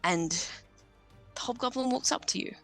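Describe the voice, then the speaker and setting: A woman's voice: a little high, animated, normal speed, vocal fry, faint music behind. A woman narrating as game master of a tabletop game, casual in rules talk and lyrical when she sets the scene. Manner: descriptive, casual with fillers, lyrical in scene-setting.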